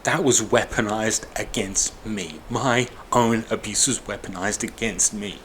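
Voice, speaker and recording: Speaking a little slowly in a somewhat low, slightly bright voice, a man in his forties vents to camera in a raw vlog monologue. He's upset and worn out, bitter, angry, and frequently profane, as faint noise hums behind him.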